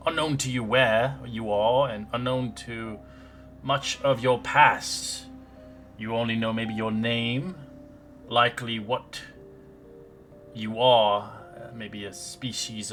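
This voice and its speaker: A man narrating a tabletop game as game master in a halting, rambling way with restarts. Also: mid-range voice, fairly bright tone.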